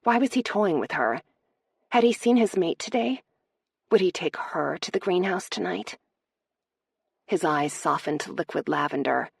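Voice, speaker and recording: A woman narrates a romance audiobook in a steady, measured way. Her voice is very low, husky and a little gravelly. The read is dry and close to the mic. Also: no echo.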